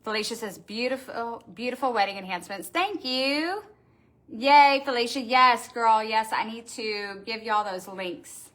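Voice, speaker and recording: A woman's voice: fairly high pitch, moderate pace, hardly any pauses, fairly bright tone. A middle-aged woman, hosting a casual live stream from her wreath shop, gushing and chatty as she answers viewers.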